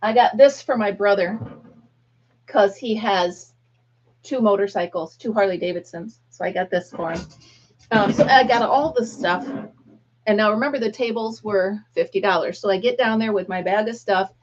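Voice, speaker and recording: A middle-aged woman hosts a live stream and chats casually with viewers, telling a story and acting out what people said in it. Her voice is medium-pitched and moderately paced, and the highs are cut off.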